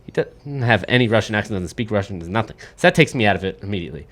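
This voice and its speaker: A man's voice: on the low side, animated, rapid-fire, fairly bright tone. A man hosting a podcast, ranting in casual, profane chat about a movie he disliked. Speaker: podcast host.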